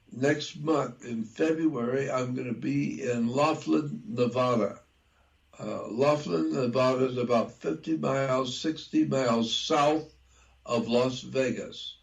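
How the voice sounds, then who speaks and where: A man speaking as an interview guest, talking deliberately and repeating key details for emphasis. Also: mid-range voice, gravelly. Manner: spells out words letter by letter. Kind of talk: conversational interview.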